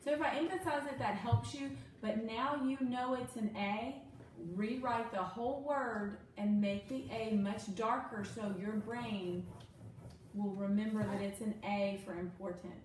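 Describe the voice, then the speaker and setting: A woman's voice: a little high, fairly even intonation, a little slow, darkish tone, a little hiss or hum. Woman tutor walking a kid through spelling step by step, patient, mic far off, super echoey room. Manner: patient, step-by-step instructive prompting. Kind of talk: one-on-one phonics lesson. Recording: echoey room from a distant mic with faint ambience.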